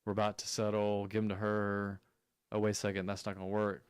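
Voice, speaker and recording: Low, smooth-voiced man telling stories. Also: brisk, no echo, clean studio sound. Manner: anecdotal, relaxed, uses "you know" often. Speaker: real estate agent guest. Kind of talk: casual radio chat.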